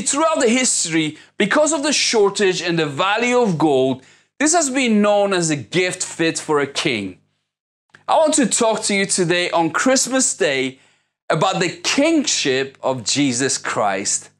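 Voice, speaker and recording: A man with a high voice for his sex, preaching a sermon as a pastor. He prays in measured phrases and drives his points home with emphatic repetition. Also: fairly bright tone. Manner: prayerful, then building into impassioned preaching.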